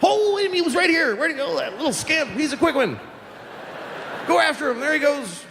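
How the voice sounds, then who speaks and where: A man's voice: extremely high pitch, sing-song, brisk, noisy background, voice pushed up, full character voice. A man doing a flustered, fake-cheerful parent. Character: frantic silly parent chasing an imaginary dog. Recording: live hall reverb, faint ambience.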